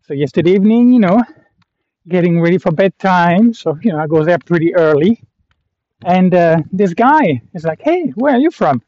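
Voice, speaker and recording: Walking a long pilgrimage trail, this Canadian vlogger speaks to his camera in a high, warm voice at a moderate pace. He rambles in a reflective, self-aware way, full of fillers and false starts. There's no room sound, and the recording is dull and lo-fi.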